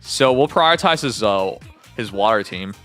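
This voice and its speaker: A Canadian livestreamer chatting casually, animated and mock-indignant, swearing freely. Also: mid-range voice, normal speed, faint music behind. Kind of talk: casual live-stream chat.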